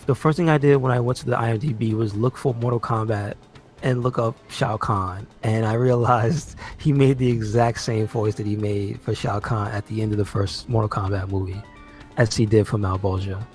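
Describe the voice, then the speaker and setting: A man's voice: fairly low pitch, steady tone, moderate pace, darkish tone, soft background music. A man co-hosting a podcast, chatting casually about a movie and reading out its cast with lots of fillers. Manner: rambling, reads out cast lists with fillers. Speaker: podcast co-host. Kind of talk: casual movie review chat.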